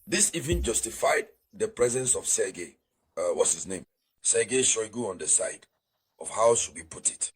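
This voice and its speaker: A man with a husky, breathy voice delivers a political news commentary monologue. He speaks emphatically, hammers his points by repeating them, and keeps urging his viewers to share. His voice sits at an ordinary middle pitch. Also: poor audio. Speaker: host of a news commentary channel.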